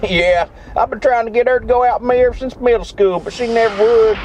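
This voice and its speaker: A man voicing a crude, boisterous redneck brought back from the dead, with a Southern US accent and a loud, drawling, whooping manner in a radio comedy skit. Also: very high-pitched, fairly quick, a little hiss or hum, pitched above the performer's own voice. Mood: boastful.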